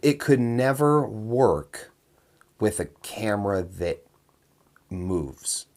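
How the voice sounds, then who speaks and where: Lower-voiced man musing about a film. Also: animated, extremely slow. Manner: restarts often, thinks out loud. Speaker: podcast co-host. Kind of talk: casual movie discussion.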